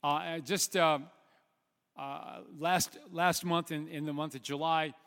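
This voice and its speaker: A man in his fifties preaching a sermon, halting with fillers and restarts, then building to loud emphatic preaching. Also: on the high side, steady tone, smooth. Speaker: pastor. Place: church sanctuary. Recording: long hall reverb.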